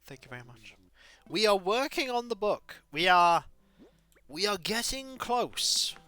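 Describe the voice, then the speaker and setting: A man streaming a game, chatting casually and telling stories in an animated, chatty way. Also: sits high, unhurried, dry recording, soft background music. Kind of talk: casual chat while playing a game.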